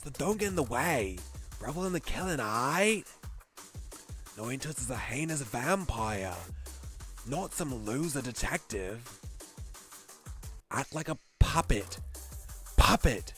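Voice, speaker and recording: A brash Cockney vampire barks orders and taunts in a loud, commanding voice, as a man puts him on for a game. The tone swings widely up and down. Game music runs behind him. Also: medium pitch, lively intonation, takes it slowly, long pauses. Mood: menacing. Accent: put-on Cockney. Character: menacing male vampire, cocky and domineering.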